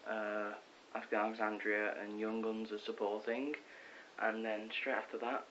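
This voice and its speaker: Excitable teenage boy rambling in his bedroom. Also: on the low side, normal speed. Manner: rambling, excitable, chatty, many ums and self-corrections. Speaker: vlogger. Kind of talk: casual rambling vlog. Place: bedroom at home. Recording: dull lo-fi with faint hiss.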